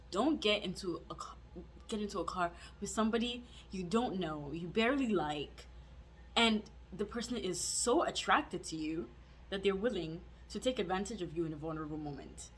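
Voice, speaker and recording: A young woman in her student years tells a personal story to her viewers, her voice sitting a little low. She talks casually, leans on "like" as a filler and pokes fun at herself as she goes. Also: a bit bright, a little hiss or hum. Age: young adult. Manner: chatty, full of "like" fillers, self-mocking. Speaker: vlogger.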